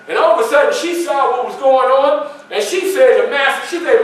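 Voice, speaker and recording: This reenactor's voice is extremely high, a bit bright and brisk, with lively intonation. Speaking in character to a library audience, he spins his first-person history in folksy style, tests the crowd with questions and acts out the other figures. It's recorded by a far camera in an echoey meeting room, with a little hiss or hum.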